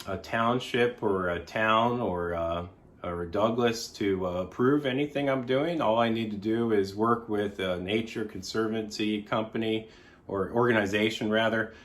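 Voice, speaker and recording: A middle-aged man giving an informal presentation as a local resident, rambling and often pausing to restate himself. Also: on the low side, fairly bright tone.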